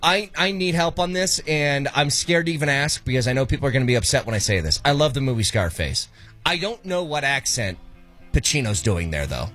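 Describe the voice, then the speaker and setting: Talk host, male, husky bright voice, animated delivery. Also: medium pitch, brisk, faint music behind. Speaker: radio show host. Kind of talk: casual sports talk.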